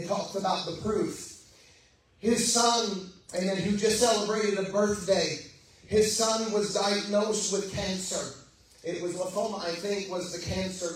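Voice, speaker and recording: A man preaching a sermon, telling a story and building to fervent shouts of praise. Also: high voice. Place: church sanctuary. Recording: very echoey church hall, distant mic, faint noise.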